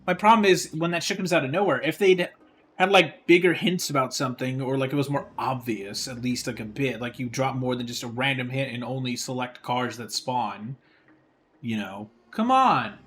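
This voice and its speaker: A man's voice: mid-range voice, moderate pace, a bit bright, a little hiss or hum. A man streaming a game live, talking casually in a profane, ranting and exasperated way. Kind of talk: casual livestream chat while gaming.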